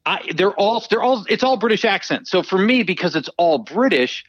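A man on a podcast chats eagerly, his pitch bouncing up and down as he talks. The mic sounds a bit dull and muffled, and the room is dry. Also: expressive, normal speed, a bit bright, dry recording. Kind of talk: casual chat.

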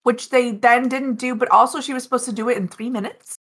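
A woman co-hosts a casual podcast chat. Her voice is a little high, and she keeps asking puzzled questions to check that she has the story straight. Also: steady tone, fairly quick, fairly bright tone. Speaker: podcast co-host.

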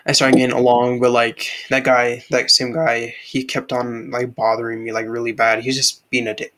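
A man's voice: mid-range voice, little pitch movement, moderate pace, a bit bright, poor audio. A young man telling a story in casual chat, rambling with lots of filler words, calling the listener bro, on a laggy online call. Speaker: podcast co-host.

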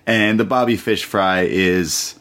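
A man's voice: low-pitched, fairly even intonation, takes it slowly, fairly bright tone. A young man hosting a podcast, chatting casually and laughing often as he retells a wrestling show with quoted voices. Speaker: podcast host. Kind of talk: casual wrestling recap chat.

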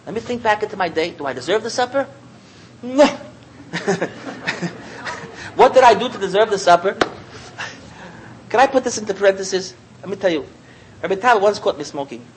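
A man giving a Torah talk as a sermon, an animated storyteller who repeats phrases and chuckles often. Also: high-pitched, moderate pace, pauses often, a little hiss or hum, rough recording. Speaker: Torah teacher.

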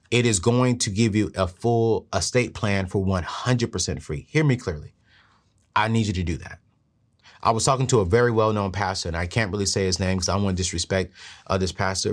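A middle-aged man hosting a show and giving money advice in an earnest, preachy way that climbs higher when he presses a point. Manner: earnest, preachy, rises in pitch when emphatic. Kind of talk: motivational talk to camera.

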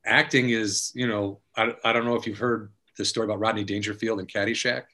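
A man hosting a casual talk, relaxed, swearing freely and acting out bits of his anecdotes. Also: lowish voice, fairly quick. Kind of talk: casual chat.

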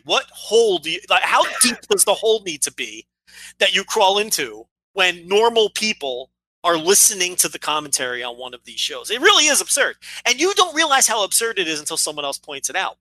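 A man co-hosting a casual podcast with a very bright, ringing voice that sits a bit high. He tells his stories with wry exasperation. The sound is close and dry. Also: dry recording, low-quality recording. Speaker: podcast co-host.

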